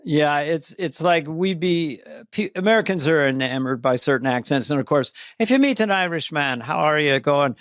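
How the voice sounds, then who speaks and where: An older man co-hosting a podcast, talking in a loose, chatty way. His voice sits on the higher side for a man and lifts when he slips into mimicry. The sound is close and dry, with no room around it. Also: normal speed, few pauses, no echo. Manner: animated, breaks into mimicry of accents. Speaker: podcast co-host. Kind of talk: casual chat.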